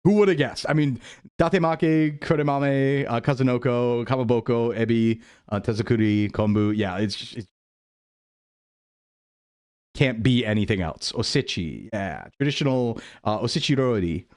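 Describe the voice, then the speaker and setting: A man's voice: mid-range voice, moderate pace, a little mellow, clean tone, dry recording, clean studio sound. A man streaming casually, thinking aloud and joking with his chat as he plays a guessing game. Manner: playful, jokey, thinking aloud. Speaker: VTuber streamer.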